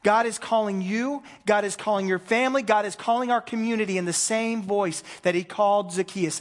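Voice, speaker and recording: A man, a pastor preaching a conversational sermon, swinging between loud emphasis and hushed moments. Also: sits high, steady tone, fairly quick, hardly any pauses, long reverb tail.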